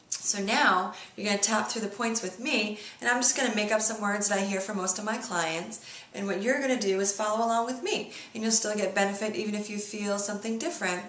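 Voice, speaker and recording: A woman leading a guided tapping lesson, speaking slow repeat-after-me phrases as a coach. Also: medium pitch, a bit bright, reverberant.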